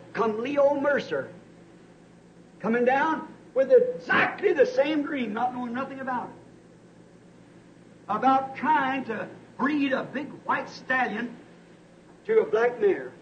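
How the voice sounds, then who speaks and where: A male preacher delivering a sermon, telling a story with many repeated "said"s and swinging from hushed tones to shouts. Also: extremely high pitch, measured pace, pauses often. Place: church service. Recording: dull lo-fi archive tape with faint hiss.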